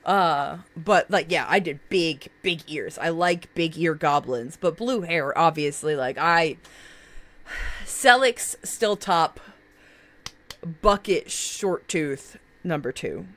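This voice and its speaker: A woman's voice: low voice, slow, a bit bright. A woman streamer in casual live-stream chat, reacting to viewers' characters in a bubbly, gushing way with many fillers.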